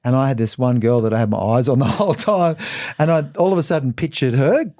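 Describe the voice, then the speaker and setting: A middle-aged Australian man, a podcast guest, telling candid personal stories in an animated way. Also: medium pitch, quick pace. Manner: animated, acts out quoted voices. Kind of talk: candid storytelling.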